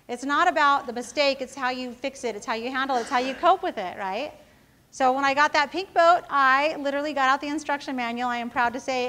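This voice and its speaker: A woman's voice: high-pitched, a bit bright. A woman who founded a company, giving a casual motivational talk to students, telling self-mocking stories and often checking in with the audience. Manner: casual storytelling, often asking the audience "right?".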